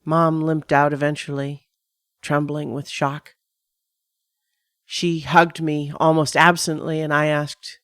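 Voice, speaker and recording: A woman giving a measured, dramatic first-person reading of a scripted horror story on a close studio mic. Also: sits low, level tone, dry recording. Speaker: narrator.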